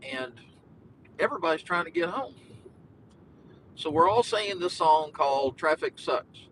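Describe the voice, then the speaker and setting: A man's voice: very animated, moderate pace, long pauses, fairly bright tone, rough recording. A man livestreaming from his car, a podcast host chatting casually and rambling with jokes. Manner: jokey, meandering, sings and makes animal noises. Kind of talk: rambling casual live stream while driving. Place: car in traffic. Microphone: phone in car. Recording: faint road noise in car. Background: engine rumble.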